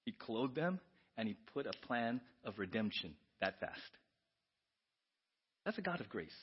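A man's voice: mid-range voice, very animated, a little slow, highs cut off, slight background noise. A male pastor preaching a sermon, quoting scripture and asking the congregation questions.

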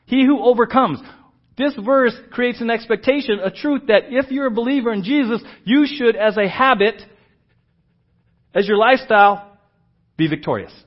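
A man preaching a sermon, telling a story and then teaching with lively emphasis. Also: very high voice, normal speed, dull audio. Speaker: pastor.

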